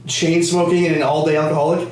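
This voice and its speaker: A man's voice: fairly high pitch, little pitch movement, quick pace, darkish tone. A man hosting a comedy podcast, telling rambling, profane family stories in a loose, casual way. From United States, Connecticut. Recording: roomy, distant camera-mic audio.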